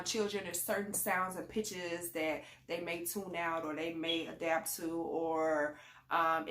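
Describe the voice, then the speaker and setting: Recorded in an echoey space, a woman whose voice sits on the lower side with a touch of brightness gives casual parenting advice for her vlog. She rambles in a chatty way, leaning on fillers.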